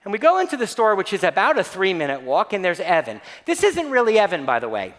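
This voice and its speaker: A man giving a keynote talk to staff, telling a comic story in an animated, playful, mock-outraged way. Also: sits high, fast. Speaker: keynote speaker. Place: large hall. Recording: long reverb of a large hall.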